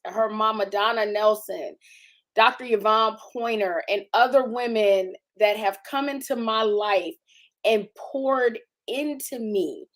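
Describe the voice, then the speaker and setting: A woman in her forties hosting a faith conversation, emotional and testifying with emphatic warmth. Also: on the high side. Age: 40s. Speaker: podcast host.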